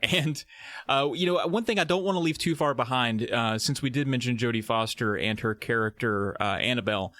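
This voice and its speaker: A man's voice: mid-range voice, brisk, a bit bright, dry recording. A man with a mid-range voice trades wry remarks about a film as a podcast co-host. His talk is casual and easygoing, and the recording is dry and close. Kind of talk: casual movie recap chat.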